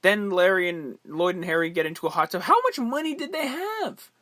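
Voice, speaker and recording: A man co-hosting a podcast in casual movie-review chat, briskly summing up the plot beat by beat. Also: sits high, very animated, pushed and bright, no room sound, studio quality. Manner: brisk plot-summary chatter. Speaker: podcast co-host.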